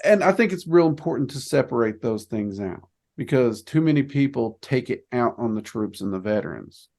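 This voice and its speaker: A man's voice: medium pitch, moderate pace, vocal fry. A man from the United States hosting a casual talk, a chatty storyteller who acts out the people he quotes. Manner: chatty storyteller, quotes others in animated voices. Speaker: podcast host. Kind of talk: casual conversation.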